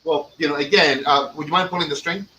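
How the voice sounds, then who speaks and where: Co-host, male, bright high voice, brash and profane, distant mic with light hiss. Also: fairly even intonation, fast talker. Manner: loud, joking, swears a lot, jumps into shouts. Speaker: podcast co-host. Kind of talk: casual profane banter. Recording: distant mic with faint background noise.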